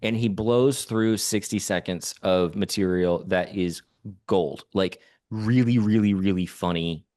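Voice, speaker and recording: A man with a low, deep voice chatting on a podcast, rambling with eager enthusiasm as he recounts an evening out. His delivery is loose and conversational, with plenty of restarts. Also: a little slow, darkish tone. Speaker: podcast co-host. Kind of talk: casual chat.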